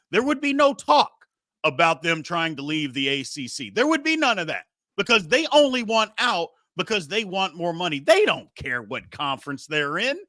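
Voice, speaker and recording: A man's voice: high-pitched, sharp tone, no room sound. A male sports talk show host making heated, emphatic points with rhetorical questions.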